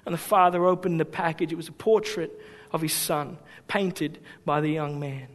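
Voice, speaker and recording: A male pastor preaching a sermon with storytelling, swinging from hushed to emphatic. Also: a little high, fairly even intonation, moderate pace. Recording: long hall reverb.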